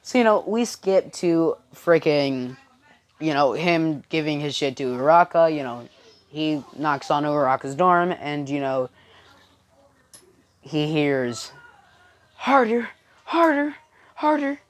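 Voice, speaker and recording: Brief: low-pitched woman, casual improvised storyteller, rambling, filler-heavy. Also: a little slow. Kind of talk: improvised fan-fiction storytelling.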